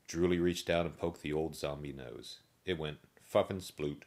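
A man narrates a children's story in a steady, gently amused way. His voice is very deep and low. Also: normal speed, hardly any pauses.

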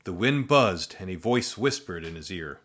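Male storybook narrator, low and deadpan, comic asides. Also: normal speed.

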